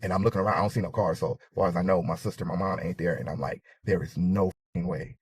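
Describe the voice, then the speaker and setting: Husky man telling a dramatic story. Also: low-pitched, very fast, no room sound. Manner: vivid, profane, acts out sounds and his own panic. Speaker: storyteller in a reacted clip.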